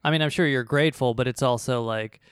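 A man co-hosts a podcast and walks through a bit of business history. He talks in a loose, chatty way with lots of fillers. His voice is clean and smooth, recorded close and dry. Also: mid-range voice, fast, a bit bright, no echo. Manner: conversational, explains history with fillers. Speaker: podcast co-host. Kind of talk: casual chat.

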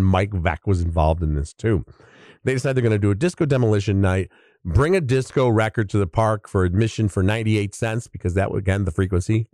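A man in his sixties hosting a podcast, telling stories in a chatty, animated way with big pitch swings. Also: no room sound, studio quality. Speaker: podcast host. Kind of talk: casual storytelling monologue.

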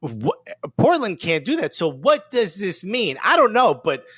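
A man co-hosting a comedy soccer show in casual chat, joking with quick playful asides. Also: high-pitched, wildly swooping pitch, fairly bright tone, breathy edge, no echo, studio quality.

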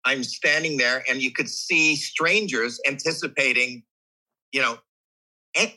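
Unhurried and medium in pitch, this man's voice comes through on poor audio. In his sixties and appearing as an interview guest, he tells a story with animation, acting out others' voices and reactions, with frequent restarts and repeated words in a candid, conversational setting.

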